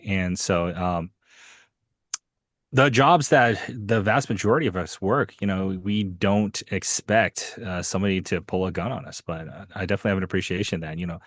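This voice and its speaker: A man's voice: low-pitched, no echo. A man who hosts a podcast, speaking earnestly in an interview and often restarting his sentences. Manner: earnest, with many fillers and restarts. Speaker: podcast host. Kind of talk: interview conversation.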